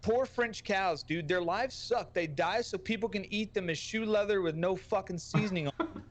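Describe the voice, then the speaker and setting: A man's voice: sits high, normal speed. Brash, foul-mouthed Texan man ranting. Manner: brash, profane, joking rant. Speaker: streamer guest. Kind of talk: casual podcast storytelling.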